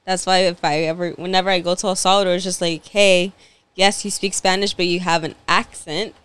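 A woman's voice: fairly low pitch, flat delivery, a little fast, fairly bright tone, clean tone. A young woman co-hosting a podcast, chatting casually and laughing as she tells family stories. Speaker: podcast co-host. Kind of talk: casual chat.

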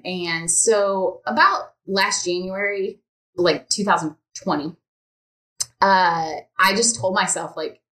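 A woman's voice: fairly low pitch, pushed and bright. A woman guest on a podcast, an instructional designer, talking casually and chatting freely with many ums and likes. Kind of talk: casual interview chat. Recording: roomy echo.

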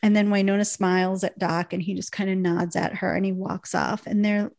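Gravelly-voiced woman recapping with laughs. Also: medium pitch, a little fast, no echo. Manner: animated storytelling, laughs often, many fillers. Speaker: podcast co-host recapping a TV episode. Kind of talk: casual chat.

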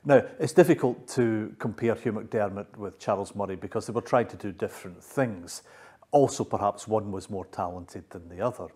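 A man explains in an interview as a literary scholar, with a measured delivery and frequent filler pauses. His voice sits fairly low. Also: a little mellow, husky.

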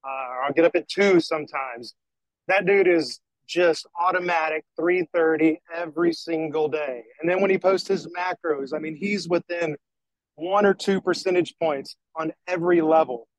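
A man's voice: fairly high pitch, moderate pace, dry recording, low-quality recording. A man in a group call praising a squad mate in an admiring, easygoing way. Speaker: squad member.

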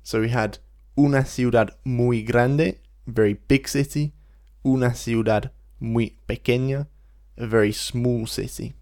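A man, teaching a Spanish lesson in a relaxed podcast style, explaining patiently and slowing down to model phrases. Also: medium pitch. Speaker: language teacher.

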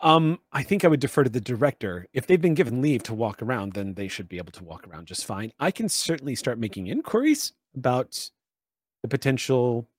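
A man's voice: medium pitch, big pitch swings, a little fast, dry recording, studio quality. A man voicing a polite, stammering telepathic official at an estate. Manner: apologetic, stammering.

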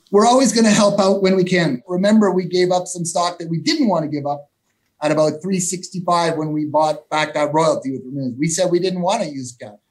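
A man, a mining company executive, giving emphatic, repetitive interview answers. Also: sits high.

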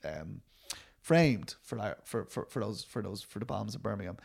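A man's voice: lowish voice, animated, moderate pace, vocal fry, a little mellow, slightly rough. A middle-aged man, a documentary filmmaker, answering interview questions in a rambling, self-deprecating way, full of restarts and fillers.

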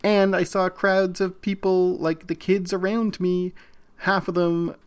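A man co-hosting a casual podcast, arguing his views in quick bursts with frequent restarts. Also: sits high, flat delivery, clean tone. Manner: opinionated, talks in bursts with restarts. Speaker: podcast co-host.

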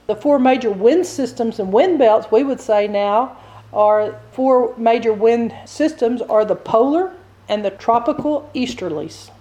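A woman's voice: mid-range voice, mellow. A woman preaching a sermon, explaining scripture verse by verse.

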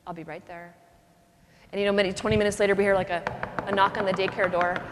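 A woman's voice: medium pitch, flat delivery, racing, background noise. A woman, a nun giving a charismatic retreat talk, teaching in an earnest, conversational way and acting out little scenes. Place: cathedral. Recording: long cathedral reverb.

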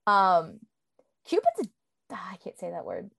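A woman's voice: medium pitch, huge pitch swings, measured pace, creaky, fairly bright tone, husky, no echo. A woman co-hosting a podcast, chatting casually about a book, rambling with many fillers. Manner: rambling, full of "um" and "like". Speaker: podcast co-host.

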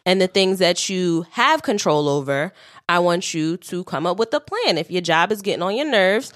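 A woman's voice: lowish voice, lively intonation, moderate pace, a bit bright, dry recording, clean studio sound. A woman co-hosting a podcast, giving blunt, direct advice to listeners in casual talk. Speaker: podcast co-host.

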